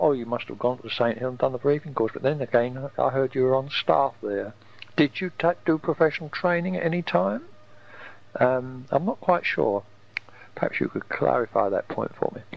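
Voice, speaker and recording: An older man from England, his English accent faded by decades in Australia, talks on a home tape recorder in a casual, rambling letter, halting and repeating his words. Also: medium pitch, gravelly, muffled recording. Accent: faded English, worn by decades in Australia. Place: home in coastal Queensland.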